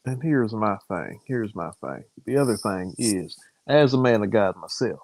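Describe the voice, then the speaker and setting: A man co-hosting a podcast, talking in a relaxed, rambling way, restarting his sentences often in casual opinion chat. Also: lowish voice, normal speed, dry recording. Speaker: podcast co-host.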